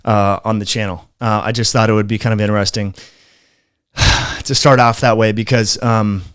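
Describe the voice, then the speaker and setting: A man hosting a health channel, giving an exasperated, halting rant that trails off. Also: on the low side, little pitch movement, a bit bright, smooth, no room sound. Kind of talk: frustrated video rant.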